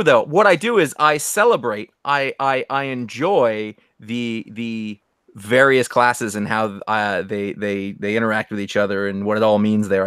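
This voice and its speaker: A man's voice: fairly low pitch, fairly bright tone, clean tone, dry recording. A man co-hosting a podcast, chatting casually in a playful, jokey way. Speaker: podcast co-host. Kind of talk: casual chat.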